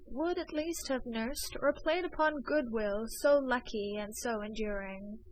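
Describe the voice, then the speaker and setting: A woman's voice: fairly high pitch, poor audio. Woman narrating a novel. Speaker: audiobook narrator. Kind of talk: scripted narration.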